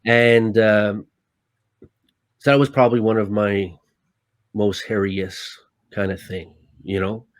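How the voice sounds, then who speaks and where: A man who works as a stuntman, a guest telling stories in casual, animated talk, swearing often and acting out his own lines. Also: on the low side, takes it slowly, pauses often, no room sound. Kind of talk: casual storytelling.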